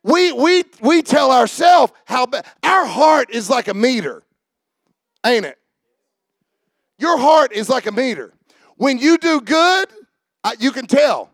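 Man preaching, very high voice, gravelly edge, shouting sermon. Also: very animated, slow pace, pauses often, no room sound, studio quality. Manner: preaching, often shouting, asking the congregation questions. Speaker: pastor.

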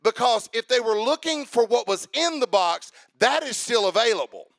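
A man preaching a sermon in a church, calling for amens and rising into shouted, sing-song lines. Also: very high voice, animated, normal speed.

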